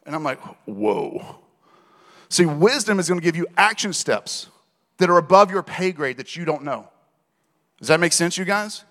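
A man preaches to a congregation with a fairly high voice. He tells his stories in an animated way, acting out the dialogue and laughing as he goes. The sound carries a long hall reverb. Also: moderate pace. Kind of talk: sermon storytelling. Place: church hall.

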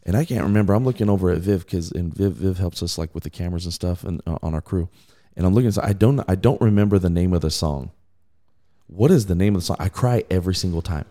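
A man speaks in a deep, mellow voice as he co-hosts a casual faith podcast. He talks earnestly and often repeats words while he works out what he wants to say. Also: fast. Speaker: podcast co-host.

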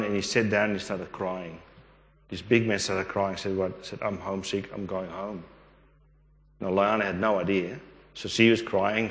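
A man's voice: on the low side, fairly bright tone. An older man giving a rambling testimony in a church hall, acting out the dialogue he recalls. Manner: rambling, acts out quoted dialogue. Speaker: church member sharing testimony. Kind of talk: storytelling testimony. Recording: echoey hall.

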